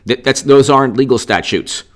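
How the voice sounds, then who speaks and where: A man's voice: medium pitch, normal speed, fairly bright tone. A man giving unscripted political commentary in a combative, indignant and sarcastic rant.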